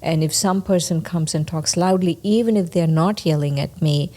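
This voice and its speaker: Low-voiced laughing woman in chat. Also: normal speed, dark tone. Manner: chatty, laughs easily. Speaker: podcast co-host. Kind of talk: casual spiritual discussion.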